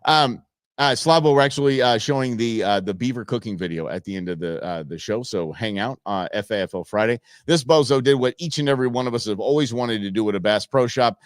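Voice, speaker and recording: A man's voice: mid-range voice, brisk, dry recording. A man from the United States hosting a show, chatting casually over viral videos with a rambling, chuckling manner and many fillers. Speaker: show host.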